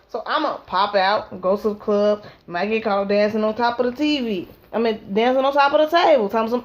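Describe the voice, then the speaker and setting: A woman with a high voice tells a rambling, comic story at home. She is animated and breaks into silly voices and sound effects as she acts out each scene. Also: fairly quick, few pauses, dull audio. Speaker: vlogger and mother. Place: home at her child's naptime.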